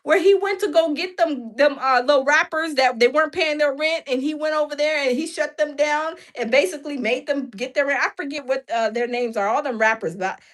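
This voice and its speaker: A woman's voice: high voice, fairly quick, few pauses. A woman hosting a live stream, chatting animatedly with her viewers and often breaking into laughter. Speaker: livestream host. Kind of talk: casual live-stream commentary.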